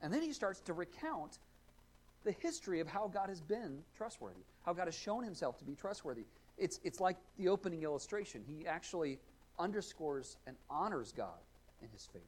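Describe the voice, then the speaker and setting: A male pastor preaching a sermon, earnest and explanatory, rising to loud emphatic readings of scripture. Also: on the high side, sing-song, normal speed, breathy edge.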